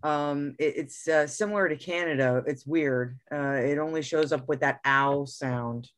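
A woman's voice: low voice, unhurried. Friendly woman chatting on a call. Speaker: gardening group member. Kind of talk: casual video-call chat. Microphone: video call.

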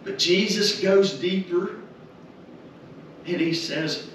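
A man preaching a funeral sermon, deliberate and emphatic, repeating key words and dropping to soft low tones. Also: distant mic, noisy background. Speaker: minister. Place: funeral home chapel. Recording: very echoey chapel, heard from afar.

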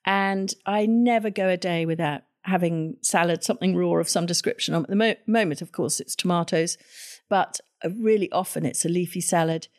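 A woman's voice: fairly low pitch, moderate pace, darkish tone. Older woman host, enthusiastic and emphatic, casual gardening chat. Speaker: podcast host.

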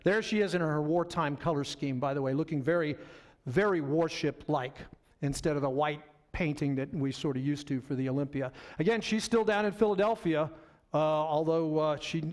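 A man's voice: on the high side, normal speed, a little mellow. A middle-aged man giving a history lecture in a loose, conversational way, with fillers and asides to the audience. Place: lecture hall.

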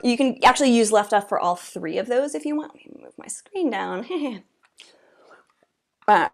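A woman's voice: fairly high pitch, lively intonation, normal speed, vocal fry, loud music behind the voice. A woman teaching an oboe masterclass, chatty and encouraging, singing rhythms aloud as she explains. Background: oboe playing.

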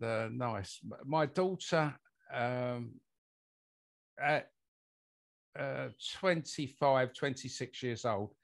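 An older British man, a guest on an interview podcast, telling a long personal story in a rambling way with lots of fillers. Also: mid-range voice. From United Kingdom. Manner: rambling anecdotal delivery with many fillers. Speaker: guest, mold investigator.

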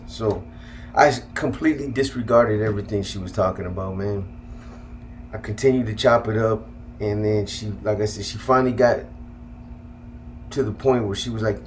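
A man telling a personal story in casual, profane speech, halting and restarting often. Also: on the low side, fairly even intonation, a little hiss or hum. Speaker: guest telling his life story.

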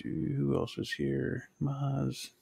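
A man's voice: medium pitch, flat delivery, drawn-out words, creaky, mellow, slightly rough, no room sound, studio quality. A man hosting a casual livestream, reading out chat names in an easygoing way. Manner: easygoing, many fillers. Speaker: host.

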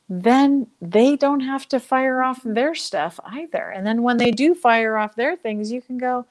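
A woman's voice: a little high, animated, unhurried, hardly any pauses. A woman speaking as an interview guest, talking animatedly and acting out inner voices as she explains. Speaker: guest speaker on joy and emotions. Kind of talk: conversational interview.

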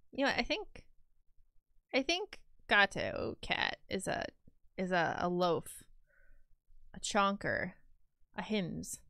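A woman streaming casually as she draws, excitable and swearing while chatting with viewers. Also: mid-range voice, slow, creaky, long pauses, no room sound, clean studio sound. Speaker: live-streaming artist.

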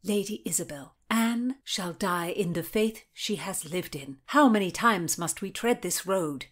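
A woman's voice: on the low side, measured pace. A woman voicing a loyal, exasperated Tudor lady-in-waiting who speaks firmly and impatiently. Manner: firm and impatient.

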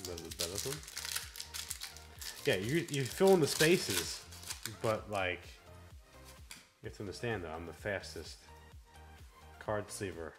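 A man chats his way through opening trading cards for his channel, his pitch rising and falling a lot. He laughs easily and trips over the harder card names. Faint music plays behind him. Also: expressive, a little slow, long pauses. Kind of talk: casual card-opening chat.

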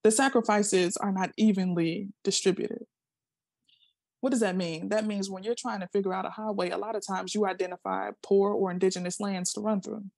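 A woman's voice: mid-range voice, steady tone, a little fast, creaky, darkish tone, no echo, studio quality. A middle-aged woman giving a passionate seminar talk over a video call, emphatic and full of rhetorical questions. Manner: emphatic, repeats words, asks rhetorical questions. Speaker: seminar speaker.

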